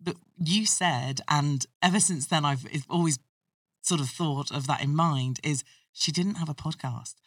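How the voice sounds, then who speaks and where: A guest podcaster talks in a loose, rambling way, circling back on thoughts. The voice is mid-pitched, with a dry sound, recorded a little away from the mic. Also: measured pace, a bit bright, slightly rough, no echo, recorded from a distance. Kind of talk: casual chat.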